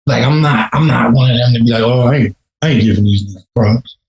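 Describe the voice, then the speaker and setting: Laid-back profane rapper, echoey room. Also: male voice, mid-range voice, quick pace, creaky. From Chicago, USA. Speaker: rapper guest. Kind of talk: casual podcast interview.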